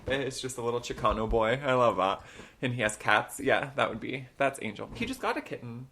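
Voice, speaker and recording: A woman chats on a podcast in a blunt, sarcastic tone and swears freely. Her voice is bright and sharp-edged. Her delivery stays casual throughout. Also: extremely low pitch, animated, a little fast, slight background noise. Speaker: podcast co-host. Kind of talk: casual chat.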